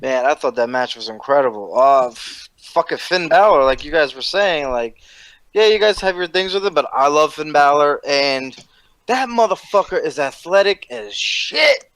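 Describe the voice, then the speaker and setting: A man co-hosting a wrestling reaction show in casual, profane chat, getting excited and breaking into loud outbursts. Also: a little high, normal speed, dry recording.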